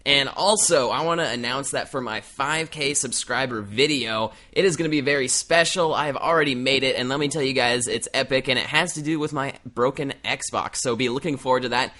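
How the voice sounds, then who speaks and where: A man vlogging about gaming, telling a story to his viewers in an animated, jokey way. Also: mid-range voice, a little fast, few pauses. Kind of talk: casual storytelling to camera.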